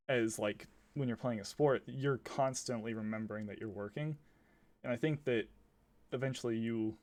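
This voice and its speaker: Animated young man explaining on a podcast. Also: lowish voice. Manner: animated, laughs while explaining. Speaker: podcast co-host. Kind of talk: casual chat.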